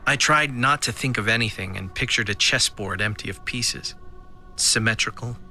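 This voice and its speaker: Male audio drama narrator, crisp bright tone, dry delivery, faint music underneath. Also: fairly low pitch, normal speed. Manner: dry, first-person storytelling.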